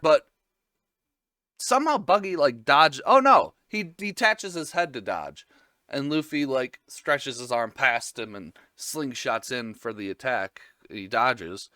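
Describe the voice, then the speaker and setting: A man's voice: medium pitch, sharp tone, smooth, no echo, clean studio sound. A man casually recapping an anime episode, rambling and joking with frequent swearing.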